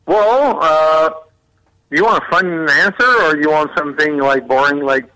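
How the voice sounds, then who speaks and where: Lively bright-voiced man joking by phone. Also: on the high side, unhurried, no echo, poor audio. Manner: joking, hesitant, full of fillers and laughter. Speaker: radio interview guest. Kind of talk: playful phone-in interview. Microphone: telephone.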